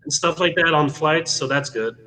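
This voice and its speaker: A man calls in from a hotel room. His voice is bright and a touch high. He answers in an easygoing, brief way. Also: normal speed. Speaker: caller. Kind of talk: casual call-in chat.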